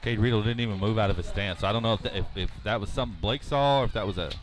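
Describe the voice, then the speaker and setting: A man giving color commentary on a high school football game in a relaxed, conversational way. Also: racing, faint music behind.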